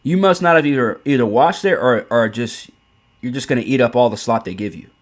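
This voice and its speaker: Male commentary host, mid-pitched, blunt and profane ranting delivery. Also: brisk. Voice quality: blunt, profane, repeats himself.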